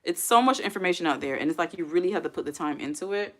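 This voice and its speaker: A woman's voice: lowish voice, lively intonation, rapid-fire, fairly bright tone. Chatty woman on a livestream. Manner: chatty, thinks aloud, answers viewer comments. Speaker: livestream host. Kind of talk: casual livestream chat.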